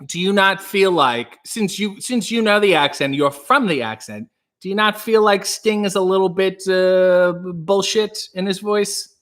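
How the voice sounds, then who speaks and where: High bright-voiced man hosting a livestream. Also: unhurried. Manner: rambling, reads out chat comments, jokey. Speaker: livestream host. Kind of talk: casual livestream chat.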